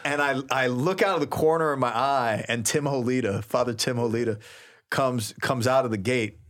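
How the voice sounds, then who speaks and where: A man who is a priest, telling a story in a casual, animated, slangy way and laughing often on a talk show. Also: medium pitch, moderate pace. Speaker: priest, co-host.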